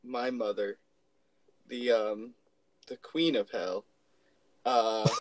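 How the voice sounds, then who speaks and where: A man's voice: fairly low pitch, steady tone, takes it slowly, slight background noise, poor audio. A man co-hosting a casual podcast, trading sarcastic, profane jokes and stories about his daughter. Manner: joking, sarcastic banter with profanity. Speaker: podcast co-host; father.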